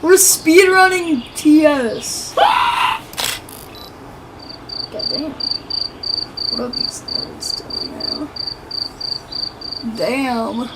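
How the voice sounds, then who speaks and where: Excitable young woman streamer, very high voice. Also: very slow, pauses often, very noisy. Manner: excitable, shrieks and mock-cries when things go wrong; mutters low to herself between outbursts. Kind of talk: live gaming stream commentary. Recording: game music loud behind the voice.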